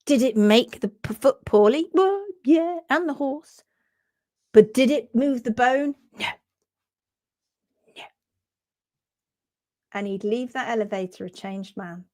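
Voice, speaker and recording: Animated Bristolian woman spinning rambling stories. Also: fairly high pitch, takes it slowly, long pauses, dry recording, clean studio sound. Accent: Bristolian English. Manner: animated, rambling storyteller who breaks off and restarts mid-sentence; blunt and salty, drops mild swearing. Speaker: hoof care educator hosting a live session. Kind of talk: casual live-stream chat.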